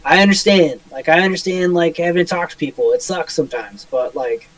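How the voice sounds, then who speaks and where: A man's voice: a little high, brisk, dry recording, low-quality recording. A man co-hosting a podcast in casual chat, rambling and swearing, with lots of filler words. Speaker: podcast co-host.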